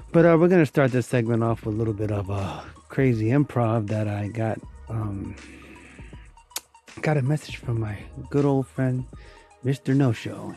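A man's voice: medium pitch, warm tone. A man hosting his own comedy voiceover podcast, rambling and joking in a casual intro. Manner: rambling, joking, self-promoting. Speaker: podcast host.

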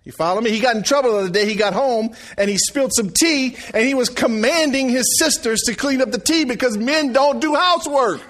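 Man, preacher, very high voice, folksy storytelling sermon, middle-aged. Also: a little fast, hardly any pauses, a bit bright. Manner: folksy storytelling, calls for response.

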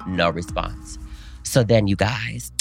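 A young man co-hosting a podcast, telling a story in an animated, dramatic way and jumping up in pitch when he quotes people. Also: slow pace, vocal fry, faint music behind. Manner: animated, dramatic retelling with big pitch jumps when quoting. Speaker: podcast co-host. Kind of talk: casual storytelling chat.

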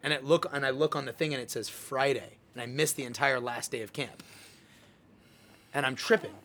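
A bright-voiced young man hosts a relaxed chat. He tells his story with animated energy and acts out his own lines as he goes. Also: medium pitch, brisk. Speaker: podcast host. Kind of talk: casual chat.

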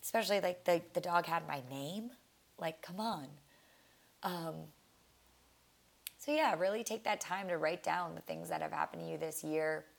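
Low gravelly young woman. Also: moderate pace, pauses often. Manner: casual, heartfelt, rambling with frequent restarts and fillers. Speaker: podcast host. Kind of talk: reflective solo podcast monologue.

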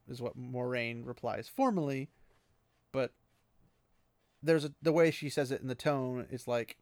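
A man's voice: medium pitch, measured pace, long pauses, darkish tone, no echo. A man casually recapping a fantasy book chapter, rambling with many fillers and small laughs.

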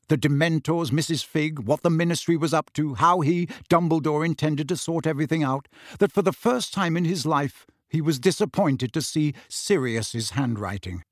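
Casting: lively male narrator, higher voice, dry close sound. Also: moderate pace, dry recording. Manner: expressive storytelling. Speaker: audiobook narrator. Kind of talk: scripted narration.

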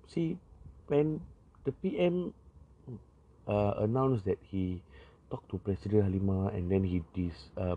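A man's voice: deep voice, warm tone, husky, highs cut off. A young man with a Singaporean accent giving casual, rambling political commentary, full of fillers and the odd swear word.

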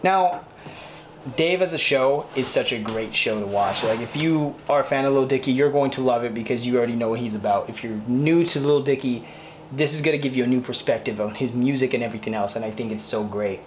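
A man's voice: mid-range voice, fairly quick, slight background noise. A man hosting a podcast, talking through a TV show in a rambling, gushing, heartfelt way. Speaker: podcast host. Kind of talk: casual solo TV review.

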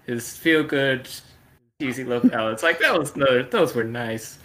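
Easygoing man with a bright voice. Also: medium pitch, moderate pace. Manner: easygoing, agreeable, lots of short yeahs. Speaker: podcast co-host. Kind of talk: casual chat.

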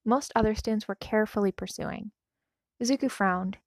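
A woman reading a fanfiction story aloud, then gushing softly about it. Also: medium pitch, brisk, dry recording. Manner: gushing, soft-spoken commentary after reading. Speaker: fanfiction reader.

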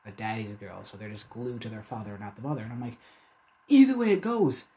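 A man's voice: lowish voice, racing, creaky. A man chatting casually as a co-host, rambling and swearing freely as he tells stories. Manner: animated, profane, rambling storyteller. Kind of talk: casual chat.

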